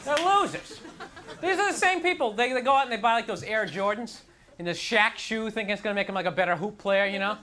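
A man's voice: high voice, animated, quick pace. A young man doing a stand-up set on a TV studio stage, ranting in a frustrated, self-mocking way, full of "like" and "you know". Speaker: stand-up comedian. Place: TV studio stage before a live audience. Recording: 1990s TV broadcast, audience laughter and noise. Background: audience laughter.

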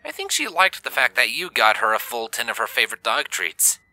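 A man voicing a caring young human father who talks gently and jokes warmly. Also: mid-range voice, huge pitch swings, brisk, no echo, soft background music, full character voice, low-quality recording. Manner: gentle, joking and warm. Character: warm caring young adult human dad.

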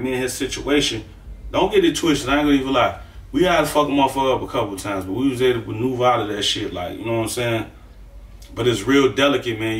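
A man's voice: mid-range voice, fairly bright tone. A middle-aged man casually recounting a story, rambling and profane, often checking in with the listener as he goes. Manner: profane, rambling, keeps saying "you know what I'm saying". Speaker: storyteller recounting prison life. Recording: roomy sound, mic at a distance.

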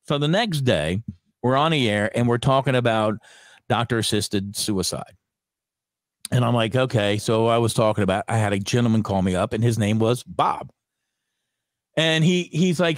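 A middle-aged broadcaster recalls his radio days, jumping between his own telling and lively impressions of others. His pitch sits in an ordinary middle range, and the sound is close and dry with no room around it. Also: moderate pace, no echo. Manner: animated, acts out quoted dialogue. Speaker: radio personality, guest. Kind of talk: conversational storytelling.

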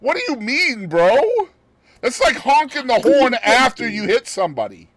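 A man's voice: very high voice, very animated, moderate pace, a bit bright. A man co-hosting a podcast, reading out a news story in casual chat and adding joking asides with frequent laughter. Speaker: podcast co-host.

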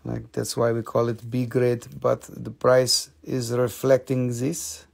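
Slow, gravelly man hosting a sales stream. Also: mid-range voice, monotone. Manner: jokey, chatty, coaxes viewers to comment. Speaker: host selling minerals on a live stream. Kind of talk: live sales stream patter.

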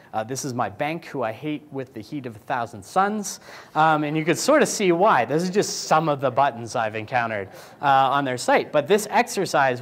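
A man speaks from a conference stage in an easy, joking way, in a voice of middle pitch. He keeps the talk loose and chatty. Now and then he jumps into quick, higher voices to act out clients and coworkers. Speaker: keynote speaker.

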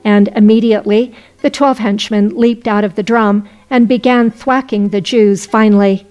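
A woman narrating an old folk tale in a measured, old-fashioned storytelling style. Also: mid-range voice, fairly even intonation, a little mellow, highs cut off, soft background music.

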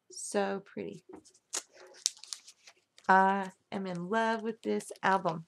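A woman's voice: medium pitch, fairly even intonation, takes it slowly, gravelly, pauses often, a little hiss or hum. A woman casually showing off a handmade album she crafted, gushing over every detail. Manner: gushing, admiring each detail. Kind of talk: casual craft show-and-tell.

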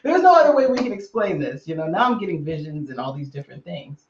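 Animated, laughing woman on a distant line. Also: deep voice, quick pace, muffled recording, slight background noise. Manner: animated storyteller, laughs often. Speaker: psychic guest. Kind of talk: casual interview chat. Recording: distant roomy remote call audio.

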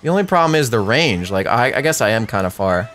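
A young man doing live gameplay commentary for his channel, excitable and talking straight to his viewers. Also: lowish voice, fast talker, slight background noise. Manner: excitable, talks to viewers, shouts at wins. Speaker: gaming YouTuber.

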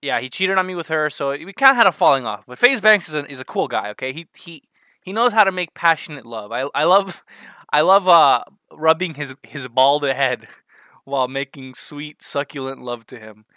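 A man's voice: on the high side, expressive, normal speed, sharp tone, dry recording, studio quality. A man vlogging a crude, sarcastic comedic rant, often breaking into laughter at his own jokes.

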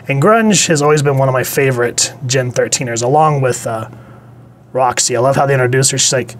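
A man's voice: medium pitch, brisk. Chatty, blunt male comic reviewer. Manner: chatty, digressive, blunt with casual swearing. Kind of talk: casual spoken review.

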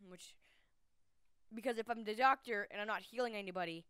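A woman giving casual, excitable commentary while she plays a video game. She is chatty, jumps from yelps to low mutters, and often talks to her viewers. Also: a little fast, clear, resonant tone, dry recording, studio quality. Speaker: gamer hosting her own channel.

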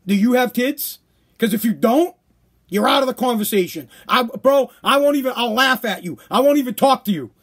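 A man rants on his podcast. His voice sits very high for a man, and he talks bluntly and profanely. The delivery is loose and casual. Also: expressive, normal speed, fairly bright tone, husky. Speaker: podcast host. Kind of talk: casual ranting podcast monologue.

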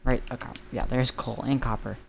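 A teenage boy from the East Coast of the United States, rambling through casual gameplay commentary while he plays, musing aloud with soft chuckles. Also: medium pitch, little pitch movement, a little fast, vocal fry, slight background noise. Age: teens. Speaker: gaming streamer.

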